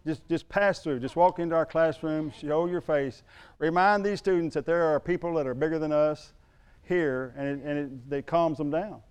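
A middle-aged man preaching a sermon, telling a personal story in a folksy way that swings from loud to hushed. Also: fairly high pitch, normal speed, clean tone. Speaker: pastor.

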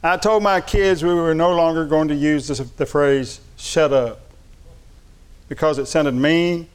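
Delivering a sermon, a man with a fairly high, smooth voice speaks at a moderate pace in a steady tone. He reads out humorous anecdotes and laughs with them, then grows earnest, alternating between lighthearted stories and sincere preaching.

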